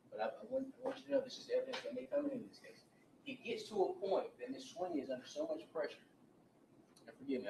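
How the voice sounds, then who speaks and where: A man's voice: high voice, creaky, noisy background. A man, a defense attorney, giving an opening statement to a jury and retelling events with repeated, restarted words. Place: courtroom. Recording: roomy courtroom audio from a distance.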